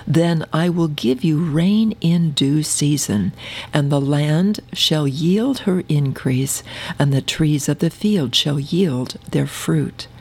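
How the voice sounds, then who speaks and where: A woman's voice: sits low, darkish tone, breathy edge. A woman preaching a sermon, reading scripture aloud in an earnest manner and calling her listeners beloved.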